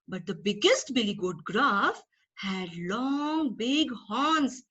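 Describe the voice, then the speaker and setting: Preschool teacher, woman, Indian English accent, lively storytelling for small children, high pitch, dull lo-fi sound. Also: slow pace, husky. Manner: animated, questioning the children. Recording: dull lo-fi recording.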